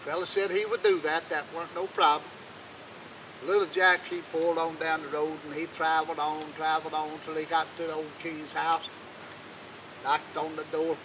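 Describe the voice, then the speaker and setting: Brief: male storyteller, folksy and unhurried, bright slightly high voice. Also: level tone, a little hiss or hum, poor audio. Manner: folksy, unhurried, dialect-rich. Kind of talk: folk tale telling.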